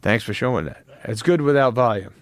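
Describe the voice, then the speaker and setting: A man's voice: medium pitch, brisk, noisy background. A middle-aged man in casual podcast chat, a laughing, swearing storyteller. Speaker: guest.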